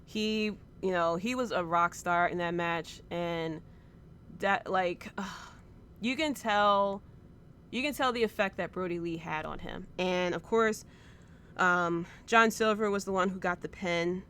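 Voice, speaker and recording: A woman's voice: fairly low pitch, slow, fairly bright tone, slight background noise. A woman in her thirties hosting a casual podcast, recapping a show in an emotional, rambling way with lots of fillers. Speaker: podcast host. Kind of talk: casual wrestling podcast chat.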